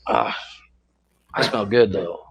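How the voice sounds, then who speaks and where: A man co-hosting a podcast, chatting casually and telling animated stories with frequent laughs. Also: lowish voice, takes it slowly, gravelly, a little hiss or hum. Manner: laughs often, tells animated anecdotes. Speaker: podcast co-host. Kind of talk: casual chat.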